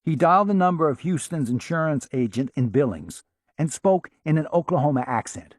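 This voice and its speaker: A man reading a novel aloud as an audiobook narrator, steady and expressive. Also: mid-range voice, a little fast, dry recording, clean studio sound. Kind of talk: scripted narration.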